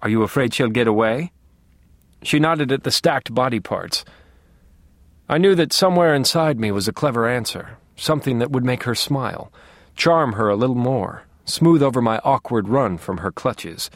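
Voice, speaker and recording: A male audiobook narrator telling the story in the first person with a wry, understated dryness. His voice sits at an ordinary mid pitch, and the studio sound is close with no room echo. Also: lively intonation, moderate pace.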